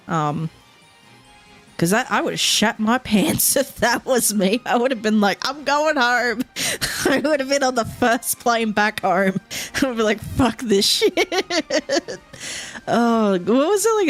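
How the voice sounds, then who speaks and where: A woman streamer chatting casually while playing a game at home, rambling, swearing often and laughing a lot. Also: medium pitch.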